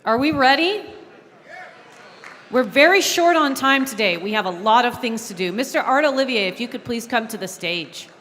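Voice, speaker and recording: A woman chairing a large convention from the podium, keeping a noisy crowd in order with a firm, brisk manner. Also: a little high, animated, a bit bright. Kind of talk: running a convention floor. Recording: long hall reverb.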